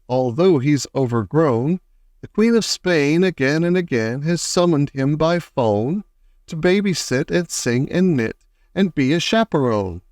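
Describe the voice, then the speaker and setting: A man plays a bright, welcoming young boy from a storybook who chants rhyming verse. The voice is lifted above the reader's own. It sounds dry and close. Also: fairly high pitch, no room sound. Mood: cheerful. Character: cheerful young boy, friendly and eager.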